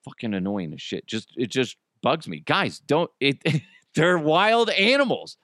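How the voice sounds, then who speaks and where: A man's voice: mid-range voice, very animated, unhurried, fairly bright tone, no room sound, studio quality. A middle-aged man hosting a casual solo podcast, ranting in an exasperated, profane way and telling stories with lots of animation. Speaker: podcast host.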